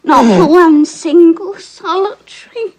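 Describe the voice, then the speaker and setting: A very high, giggly, gushing lady. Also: expressive, takes it slowly, crowd noise, heavily acted. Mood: weepy. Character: giggly, soft-hearted young woman, easily moved to tears.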